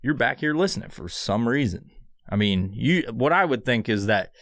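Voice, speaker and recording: A man's voice: medium pitch, big pitch swings, normal speed, fairly bright tone, dry recording. A man hosting a solo podcast from a studio, rambling and swearing through a sponsor read. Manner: rambling, profane, sarcastic. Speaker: podcast host.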